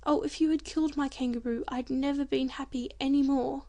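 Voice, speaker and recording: A woman's voice: high-pitched, fairly even intonation, fairly quick, warm tone. A woman voicing an affectionate little girl in a storybook audiobook, pleading and eager.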